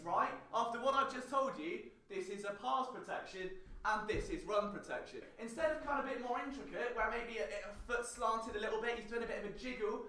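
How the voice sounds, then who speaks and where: A man's voice: extremely high pitch, bright, forceful tone. A man hosting a sports vlog, ranting in sarcastic, exasperated analysis and talking to camera. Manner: sarcastic, exasperated, fast restarts when worked up. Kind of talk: animated rant-style sports analysis. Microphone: on-camera mic.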